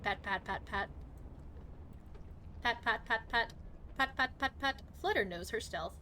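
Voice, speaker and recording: A woman streaming a game live, chatty and excitable, swearing often and talking to her chat. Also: fairly high pitch, a little slow, a little hiss or hum. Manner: excitable reactions, sudden outbursts. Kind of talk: live gaming commentary.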